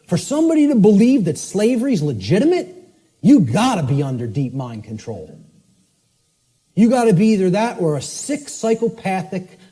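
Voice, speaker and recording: A man lectures forcefully and emphatically, his voice sitting high with a breathy edge. He keeps checking in with "okay?" and spells words out letter by letter.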